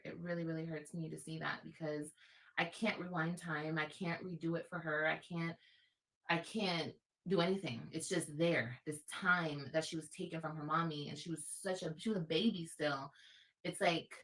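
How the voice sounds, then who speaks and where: Soft-spoken hurting woman, lower voice. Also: steady tone, normal speed. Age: adult. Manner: tearful, repeats herself, drops to near-whisper. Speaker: livestream host. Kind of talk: emotional livestream talk.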